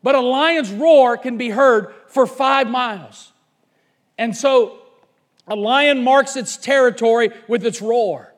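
Fervent pastor, very high voice for a man, preaching hard, then dropping to quiet asides. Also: slow pace. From Covington, Kentucky, USA. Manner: fervent preaching, swinging from shouts to low asides. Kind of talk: sermon.

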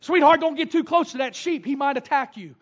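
A male pastor preaching a sermon, swinging from loud shouted bursts and whoops to quieter teaching. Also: very high-pitched, fairly quick. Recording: dull lo-fi sound.

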